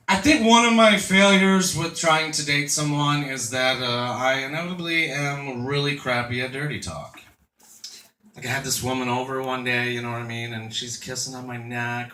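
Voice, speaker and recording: A man's voice: medium pitch, pushed and bright. A man in his thirties doing a crude, self-mocking stand-up set, chatting with the crowd from a club stage. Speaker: stand-up comedian. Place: comedy club stage before a laughing crowd. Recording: echoey club room, mic heard from a distance.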